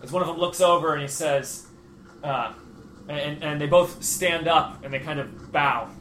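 A man's voice: fairly high pitch, fairly bright tone, echoey room, a little hiss or hum. A man narrating as game master, describing scenes with frequent fillers and restarts. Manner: halting, filler-heavy narration.

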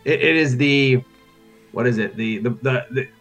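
A man's voice: medium pitch, measured pace, a bit bright, soft background music. A man playing in a tabletop role-playing game, rambling and searching for words as he explains a custom. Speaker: player. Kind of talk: tabletop role-play chat.

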